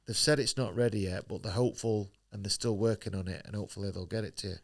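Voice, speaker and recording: A professional boxer, interviewed on a podcast, talks fast in a low, creaky voice with fairly even intonation. He tells his story bluntly, swears freely, and acts out the dialogue of others.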